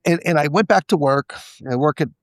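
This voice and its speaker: A man's voice: fairly high pitch, brisk, no echo. A man as a podcast guest, candidly telling a personal story and acting out the quoted dialogue. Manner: confessional, acts out quoted dialogue.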